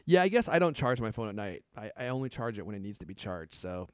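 A man's voice: on the low side, very animated, quick pace, clear, resonant tone, dry recording. A man in his thirties co-hosting a casual tech chat, joking and laughing often. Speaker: podcast co-host.

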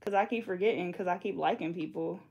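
Young Bay woman, gravelly voice, playful braider chatting with viewers. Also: lowish voice, fast talker, a little mellow. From Bay Area, California. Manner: playful, chatty, laughs often. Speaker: hair braider and channel host. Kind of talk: casual chat with live viewers.

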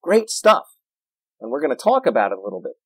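A man preaching a sermon in a church, animated and playful, with jokes and asides. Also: medium pitch, fast, dry recording, low-quality recording. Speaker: pastor.

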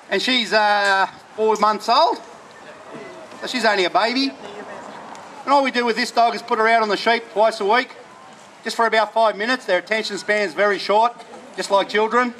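Man talking outdoors, higher-pitched. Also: normal speed, long pauses, bright, forceful tone, slight background noise. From Australia. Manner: explains plainly between short commands to dogs. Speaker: working dog trainer. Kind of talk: live outdoor demonstration talk. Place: outdoors at a festival display.

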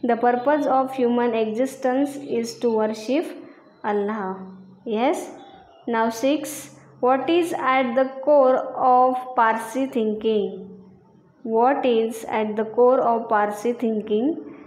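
Slow, echoey woman teacher reading answers. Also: on the high side, steady tone, a little mellow. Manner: repeats each answer slowly, asks check questions. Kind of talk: slow classroom lesson reading answers aloud. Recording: echoey room.

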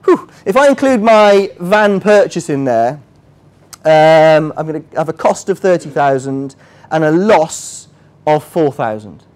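A man's voice: on the high side, expressive, a little slow, darkish tone. A man leading a finance workshop, quizzing the audience and dropping self-mocking asides. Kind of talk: interactive teaching. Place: workshop room with a live audience.

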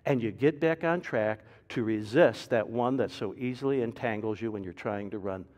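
A man preaching a sermon as pastor, with a dynamic delivery that swings from loud emphasis to soft, low asides. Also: moderate pace. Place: church sanctuary. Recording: reverberant church hall.

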